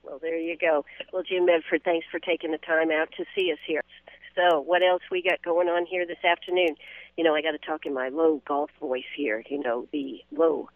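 A man hosting a live radio remote from a golf tournament, talking in a fairly high voice for a man. He is chatty and promotional and leans on filler words. The sound is tinny and phone-like, very dry, with no room sound. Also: fairly even intonation, moderate pace, no echo. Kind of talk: live on-site radio chat. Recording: tinny phone-line audio.

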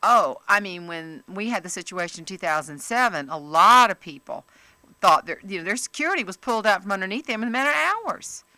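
A middle-aged woman comedian, telling stories in a lively interview and jumping into high voices when she quotes people. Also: fairly quick, no room sound. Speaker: comedian and author, interview guest. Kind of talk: casual interview chat.

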